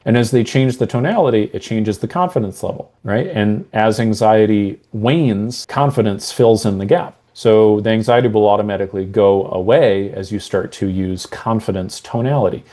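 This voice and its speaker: A man's voice: fairly low pitch, brisk, few pauses, warm tone. A man working as a mental health coach, earnestly explaining ideas with examples and acting out different ways of saying things. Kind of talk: explanatory coaching talk to camera.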